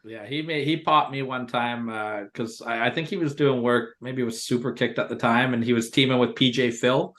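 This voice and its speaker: A man's voice: mid-range voice, fairly even intonation, moderate pace, hardly any pauses, fairly bright tone. A man, a podcast co-host who also works as a ring announcer, telling stories in a rambling style full of fillers. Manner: rambling, filler-heavy storytelling. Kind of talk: casual podcast chat.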